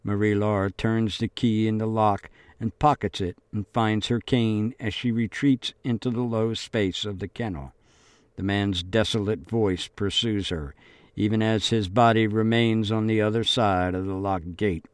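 A man narrating an audiobook in a measured, deliberate reading. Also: fairly low pitch, steady tone, smooth, no echo.

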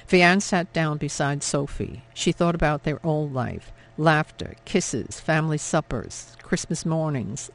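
A male audiobook narrator with a gravelly, creaky texture and a voice pitched a little above the usual male range. He reads the novel in a steady, measured, dramatic way, shaping each sentence with care. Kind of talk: scripted narration.

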